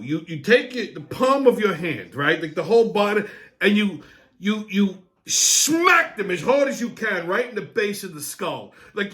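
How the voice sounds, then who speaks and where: Hosting a comedy show, a man launches into a crude, brash rant packed with swearing and mock outrage. His voice sits high and sounds a bit bright.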